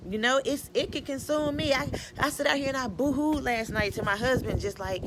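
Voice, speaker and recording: A middle-aged woman from the American South, a mother answering viewer questions in an emotional, halting casual talk full of restarts and "you know". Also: sits high, noisy background. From Georgia, US Southern. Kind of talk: casual Q&A chat.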